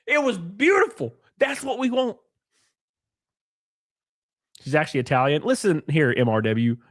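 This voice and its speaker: A man hosting a live stream, chatting casually and joking loudly with viewers while sick and sniffly. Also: a little high, very animated, unhurried, no echo. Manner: rowdy, jokey, loud exclamations and laughs. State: sick and sniffly, stuffed nose.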